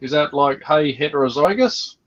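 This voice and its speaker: Man, higher pitch, livestream co-host, joking, greets viewers, dull muffled recording. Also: lively intonation, normal speed. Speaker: livestream co-host reading out chat. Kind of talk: casual livestream chat.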